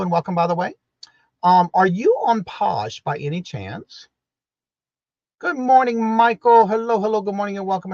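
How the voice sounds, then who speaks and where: A high-voiced, chatty man hosts a relaxed morning live stream, greeting each viewer by name in an easygoing drawl. The sound is dry and a little dull, like a home setup with a modest mic. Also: gravelly, dry recording. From New Orleans, Louisiana. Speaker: livestream host. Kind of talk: casual live-stream chat.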